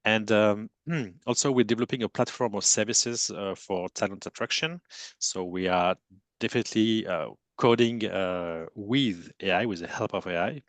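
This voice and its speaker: A man with a strong French accent, a native French speaker, speaking on a webinar panel in a halting way with many fillers. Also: lowish voice, no room sound. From France. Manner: halting, many fillers and restarts, self-deprecating. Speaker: agency CEO panelist. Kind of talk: panel discussion.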